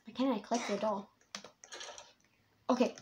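A woman giving rambling, excitable let's-play commentary as a young YouTuber, laughing often. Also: fairly high pitch, unhurried, very noisy. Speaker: gamer and YouTuber.

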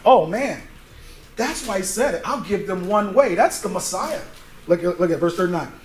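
A pastor with a high-pitched, animated voice moves at a moderate pace. He gives a conversational Bible study sermon in a church sanctuary, reading scripture aloud while asking those present to fill in words. It sounds echoey, with a bit of noise underneath.

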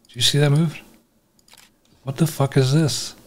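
A man giving casual let's-play commentary, talking to himself, laughing often, swearing and reacting loudly. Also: fairly high pitch, steady tone, a little slow, a little hiss or hum. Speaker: gameplay commentator.

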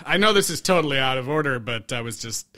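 A man's voice: mid-range voice, fast talker. A man co-hosting a podcast, chatting casually about movies and telling stories with a laugh, acting out the lines he quotes. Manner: laughing, animated storytelling with acted-out quotes. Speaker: podcast co-host.

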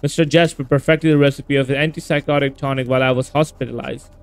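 A man's voice: mid-range voice, steady tone, fast talker, dry recording, lightly acted. A man voicing a frightened young male former asylum patient in a horror game, reading his lines in an anxious, confessional way. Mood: fearful.

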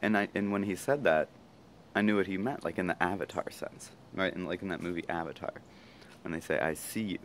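A man talking casually to his camera, rambling fast with many fillers and asides. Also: deep voice, slight background noise. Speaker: vlogger. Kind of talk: casual reflective monologue.

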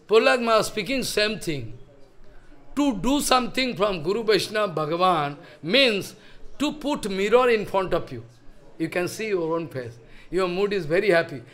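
A man's voice: sits high, a bit bright. A man giving a devotional sermon as a spiritual teacher, speaking in simple, repetitive non-native phrasing with frequent restarts.

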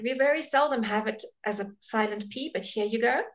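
A woman teaching English pronunciation in a live online class. She says each example word slowly, repeats it, and greets viewers by name as she goes. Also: a little high, a bit bright. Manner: models words slowly and repeats them.

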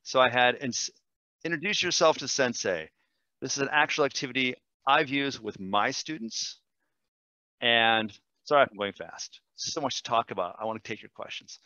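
A man, a language teacher, demonstrating software in a webinar, enthusiastic and quick, with fillers and self-corrections. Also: medium pitch, dry recording, dull audio. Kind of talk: screen-share webinar demo.

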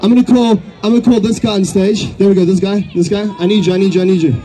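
A man's voice: high-pitched, fairly even intonation, fast talker, warm tone. A man performing as a beatboxer, bantering playfully and teasingly with a live crowd. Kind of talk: live stage patter with crowd.

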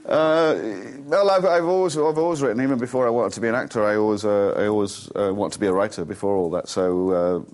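A man's voice: on the low side, fast, few pauses, darkish tone. A man in his forties, an actor, telling amused, self-deprecating stories as a talk show guest in a television studio.

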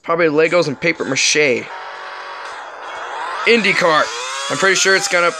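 A man doing let's play commentary, excitable and joking, swearing often. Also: fairly high pitch, moderate pace, creaky, long pauses, soft background music. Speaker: gaming commentator.

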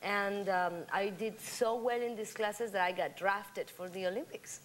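A woman with a Mexican accent, a talk show guest, chatting casually and telling a joke with lively character voices. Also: mid-range voice, a little slow, a little hiss or hum. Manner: laughing, animated storytelling with voiced characters. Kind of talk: casual chat. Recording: 1990s-2000s VHS TV broadcast, studio audience.

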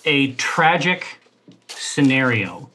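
A man's voice: medium pitch, sing-song, drawn-out words, bright, forceful tone. A man running a tabletop horror game as keeper, with playful, theatrical phrasing. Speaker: game master.

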